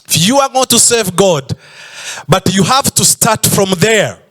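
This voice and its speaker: A man's voice: high-pitched, expressive, a little slow, fairly bright tone. A man preaching a sermon in church, stretching out emphatic phrases and sometimes breaking into a sung tone. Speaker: pastor.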